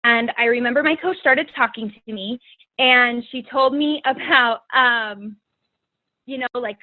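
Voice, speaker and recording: Woman, guest speaker, chatty personal story, filler words, higher voice, thin phone-line sound. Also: a little slow, no room sound. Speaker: guest speaker, fitness coach. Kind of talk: personal testimony talk.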